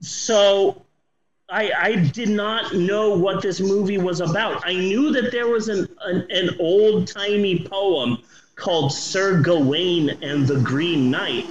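A man's voice: sits high, slow, echoey room, highs cut off. A man in his forties casually reviewing a movie on a podcast, swearing often and talking with eager enthusiasm. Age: 40s. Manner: animated, swears a lot, enthusiastic.

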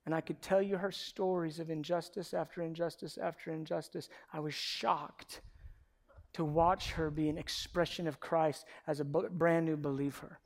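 A man preaching a sermon from the pulpit, moving between hushed, personal storytelling and loud, emphatic exhortation. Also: fairly high pitch, steady tone, moderate pace. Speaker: pastor.

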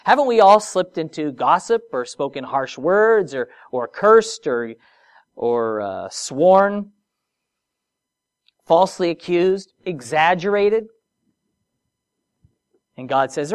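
In an expressive voice of medium pitch, a preacher works through a sermon, drifting between soft, prolonged phrases and emphatic lifts while tossing out conversational asides and rhetorical questions.

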